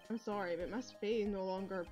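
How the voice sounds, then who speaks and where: A woman voicing a weary young male defense attorney in a game, reading his lines in a flat, slightly lowered voice over faint game music. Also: fairly quick, natural voice. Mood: dry.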